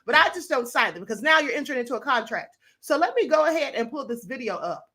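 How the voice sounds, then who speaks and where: High bright-voiced woman streamer. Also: animated, fast. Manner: emphatic, opinionated, talks straight to viewers. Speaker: live stream host. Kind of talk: casual news commentary.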